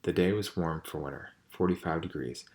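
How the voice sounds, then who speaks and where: A man reading a novel aloud in a measured, quiet storytelling manner. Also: low voice. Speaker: audiobook reader.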